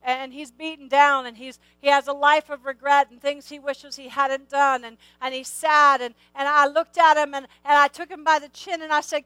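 A woman's voice: sits high, level tone, normal speed, few pauses, bright, forceful tone, no room sound, rough recording. A middle-aged woman preaching a sermon, emphatic, repeating key phrases and asking the listeners questions.

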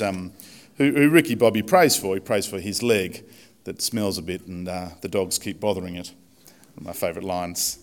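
A male pastor delivers a relaxed sermon in a church. He talks in a chatty, self-deprecating way, with frequent fillers and restarts. His voice sits at an ordinary middle pitch for a man.

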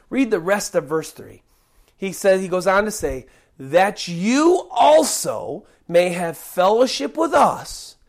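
A preacher teaching a Bible passage in a sermon, speaking emphatically with sudden loud bursts and frequent restarts. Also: medium pitch.

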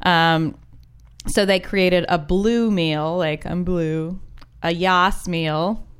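A woman's voice: lowish voice, steady tone, extremely slow, clear, resonant tone. A woman co-hosting a podcast in casual, wry chat, laughing often. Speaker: podcast co-host.

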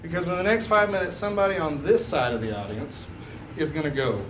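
A man's voice: a little high, quick pace, a bit bright, a little hiss or hum. A man doing a laid-back, chatty stand-up set on a comedy club stage, laughing at his own jokes. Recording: roomy club sound from a distance.

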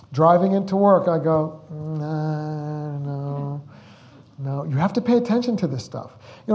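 Rambling, mellow-voiced man telling stories. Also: fairly high pitch. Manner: rambling, repeats words, acts out the quotes he tells. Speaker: film director speaking at a Q&A. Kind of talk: anecdotal storytelling at a Q&A.

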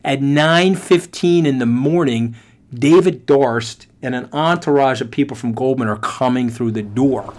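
An unhurried, mid-range voice belongs to a middle-aged podcast host. Animated and emphatic, he tells a motivational story aimed straight at his listeners.

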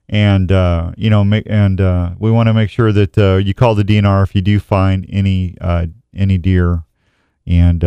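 A man's voice: lowish voice, darkish tone, clean tone, dry recording. Casual man hosting outdoors radio. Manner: rambling, self-deprecating, reads reports aloud. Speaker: radio show host. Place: radio studio. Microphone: studio microphone.

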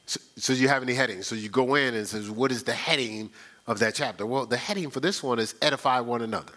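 A man's voice: medium pitch, quick pace, fairly bright tone. A man preaching a conversational sermon, telling stories in a folksy, chatty way and often repeating himself. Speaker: pastor. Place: church sanctuary.

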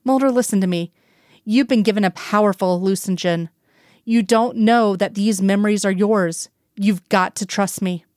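Brief: woman reading resolute female agent, firm and level, crisp. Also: medium pitch, moderate pace, darkish tone, no room sound, studio quality, lightly acted. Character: steady female FBI agent, loyal, resolute.

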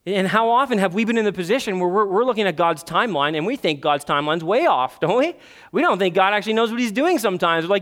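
A man's voice: sits high, fast. A man in his thirties preaching a sermon in church, breaking into pleading, acted-out prayers with lots of energy. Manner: animated, acts out prayers in a pleading raised voice. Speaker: pastor. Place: church sanctuary.

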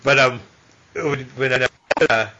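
A man's voice: mid-range voice, fairly even intonation, takes it slowly, pushed and bright, muffled recording, slight background noise. A man hosting a podcast interview, enthusiastic and rambling as he shares anecdotes. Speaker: podcast host. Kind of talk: casual interview chat.

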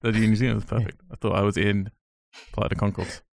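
A man's voice: on the low side, flat delivery, fast, gravelly, darkish tone. A man co-hosting a podcast, chatting about films with enthusiasm and a rambling, restarting way of talking. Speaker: podcast co-host. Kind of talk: casual film chat.

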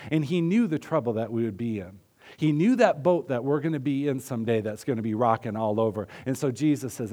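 A man preaching a sermon in an earnest, conversational way, often dropping his voice softly. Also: medium pitch. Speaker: pastor.

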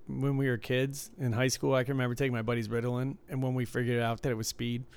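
A man's voice: medium pitch, little pitch movement, quick pace, clear, resonant tone. A man co-hosting a podcast, telling rambling stories in casual chat and swearing freely. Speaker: podcast co-host.

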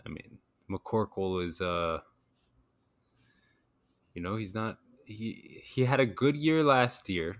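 A man with a lowish voice co-hosts a casual sports podcast. He butts in with teasing remarks. The recording is dry. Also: takes it slowly, long pauses, dry recording. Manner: teasing, interjecting. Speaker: podcast co-host.

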